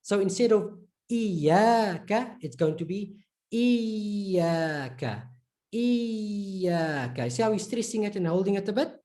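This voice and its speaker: Patient man teaching in a mellow voice. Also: high voice. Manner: patient, repeats example words slowly and drawn out; informal, fillers like "right?" and "okay". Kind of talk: recorded online lesson.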